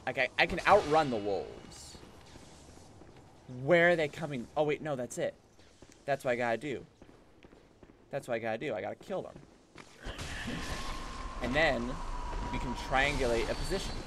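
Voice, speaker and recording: Excitable American man, wildly swinging pitch. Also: measured pace, pauses often, background noise. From United States. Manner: excitable, swinging from muttered self-talk to exasperated yelling. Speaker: game streamer. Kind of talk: live gameplay commentary.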